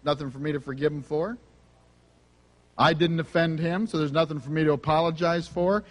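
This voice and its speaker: A man's voice: fairly high pitch, fairly even intonation, a little fast, in a large hall. A man preaching a sermon, telling personal stories in an earnest, conversational way. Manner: earnest, conversational, self-confessing. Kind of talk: sermon storytelling.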